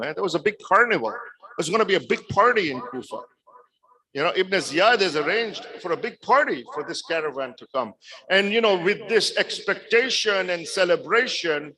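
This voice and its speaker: A man's voice: a little high, lively intonation, normal speed, crowd noise, rough recording. A man giving a religious sermon over a video call. He speaks with emphasis and often checks in with his listeners by asking 'yes?'. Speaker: preacher.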